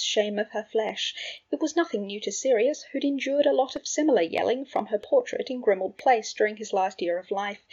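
Breathy woman reading a story. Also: medium pitch, a little mellow. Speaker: narrator. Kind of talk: fan fiction audiobook reading. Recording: dull lo-fi recording.

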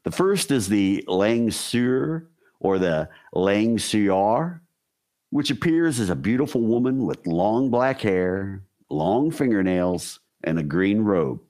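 Male podcast co-host, low and expressive, wry storyteller. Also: slow pace. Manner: wry, jokey asides while reading lore. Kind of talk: casual storytelling chat.

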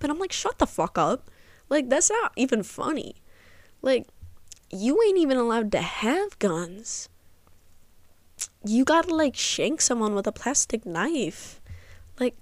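A woman's voice: mid-range voice, no room sound. Young female podcast host, sarcastic rambling rant, dry close mic. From Midwest of the United States. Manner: sarcastic, rambling, swears freely. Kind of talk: casual solo podcast rant.

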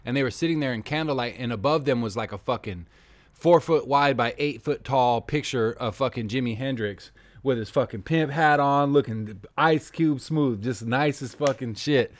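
A man hosting a podcast, telling animated stories full of profanity in casual chat. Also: mid-range voice, moderate pace, dry recording. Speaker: podcast host.

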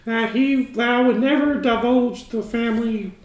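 A man plays a shifty, squeaky penguin farmer who rambles and giggles through his excuses. The voice jumps high and loud, and the room rings with echo. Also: normal speed. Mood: evasive. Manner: rambling, laughing through lines. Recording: echoey room.

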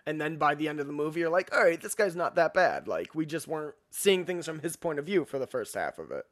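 A man's voice: a little high, animated, fast talker. A young man co-hosting a casual movie chat, enthusiastic and joking, swearing freely. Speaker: podcast co-host. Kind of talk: casual film discussion.

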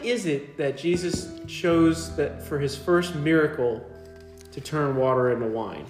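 A man's voice: on the high side, measured pace. A young man co-hosting a podcast, musing playfully in casual chat. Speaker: podcast co-host. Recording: roomy sound with faint music.

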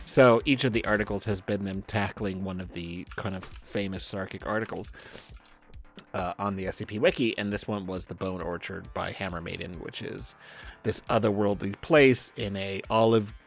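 A man co-hosting a podcast over a remote call, talking in a rambling, animated way with lots of fillers and swearing. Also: lowish voice, moderate pace, vocal fry, soft background music. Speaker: podcast co-host and author. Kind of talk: casual podcast chat. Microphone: remote call recording.

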